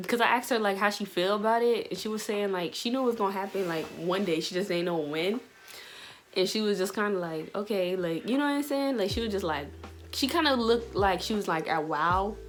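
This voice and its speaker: A woman's voice: medium pitch, a little hiss or hum. A young woman vlogger telling a personal story in a casual, slangy way, full of fillers. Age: young adult. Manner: chatty, slangy, many fillers.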